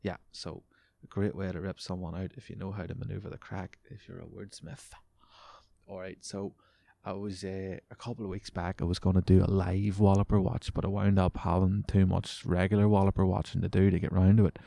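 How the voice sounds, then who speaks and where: A man's voice: sits low, level tone, brisk, vocal fry, mellow, no echo. A young man, a podcast host ranting casually and sarcastically, swearing as he reads news items aloud.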